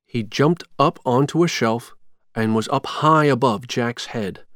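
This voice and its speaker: A man reading a storybook chapter aloud in a slow, measured, clear way. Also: mid-range voice, fairly bright tone, dry recording, clean studio sound. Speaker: narrator.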